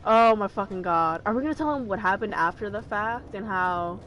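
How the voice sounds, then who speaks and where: A woman's voice: mid-range voice, fairly quick. A woman chatting with a friend on a stream, teasing and swearing freely. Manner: teasing, profane interjections. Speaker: co-host friend. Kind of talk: casual chat. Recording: distant voice chat mic with noisy background.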